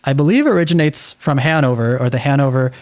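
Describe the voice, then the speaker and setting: A man with a General American accent talks at an ordinary middle pitch. He co-hosts a relaxed podcast, chatting easily and pausing on ums and restarts as he thinks aloud. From United States. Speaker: podcast co-host. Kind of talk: casual conversational podcast talk.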